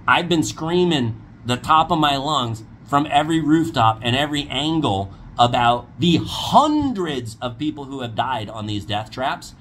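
Blunt ranting man, lively pitch. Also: unhurried, few pauses, a little hiss or hum. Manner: blunt, combative, mocking. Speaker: paramotor dealer and instructor. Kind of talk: ranting commentary video.

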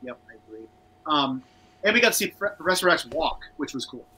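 Male co-host, bright tone, a bit raspy, easygoing rewatch chatter. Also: a little high, big pitch swings, a little fast, rough recording. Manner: chatty, reads viewer comments aloud. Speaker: podcast co-host. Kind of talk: casual rewatch commentary.

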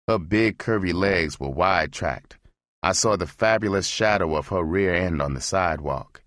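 Man, audiobook narrator, slow measured reading, deep voice, dry sound. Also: a bit bright, dry recording. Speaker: audiobook reader. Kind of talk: first-person audiobook narration.

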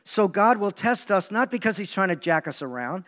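A man preaching a sermon in an animated, joking way, acting out the voices he quotes. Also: sits high, normal speed, in a large hall. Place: large meeting hall.

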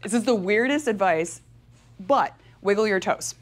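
Energetic, chatty woman giving a talk. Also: mid-range voice, moderate pace. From California. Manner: energetic, chatty, laughs often; emotional and openly heartfelt. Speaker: professional cyclist giving a talk. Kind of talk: motivational talk to an audience.

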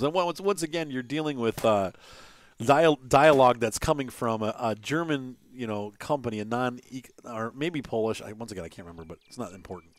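A man hosting a gaming channel, giving casual gameplay commentary in a rambling way, with many fillers and little chuckles. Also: mid-range voice. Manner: chuckles between remarks.

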